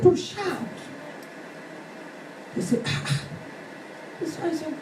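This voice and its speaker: A woman preacher delivering a fervent sermon, shouting and acting out stories. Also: extremely high pitch, sing-song, takes it slowly, long pauses. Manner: fervent, shouting, dramatic retelling. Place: church hall. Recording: echoey hall from far off with music.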